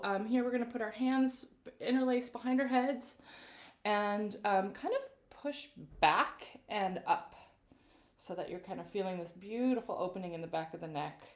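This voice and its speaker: A woman vocal coach guides a live-streamed warm-up in a gentle, encouraging way. Her voice sits at an ordinary middle pitch. The room around her is roomy and echoey. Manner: gentle, encouraging, greets viewers by name.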